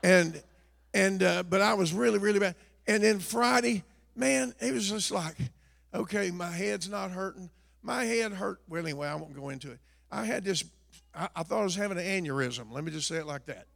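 Older man, preacher, folksy sermon, raspy fry, long church reverb. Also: high voice, moderate pace. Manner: folksy storytelling, swings from hushed to shouting. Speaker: pastor.

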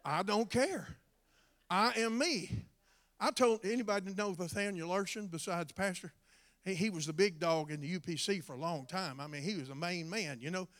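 A man preaching a sermon, moving from folksy storytelling to shouted, drawn-out exhortation. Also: high voice. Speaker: former drug addict giving testimony.

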